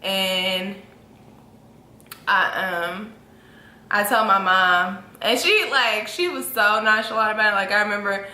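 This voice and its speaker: A woman's voice: takes it slowly, long pauses. A young woman in her twenties telling a story casually as a vlogger, acting out quotes with big jumps in her voice. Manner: animated, acts out quotes with big pitch jumps. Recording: echoey room with faint ambience.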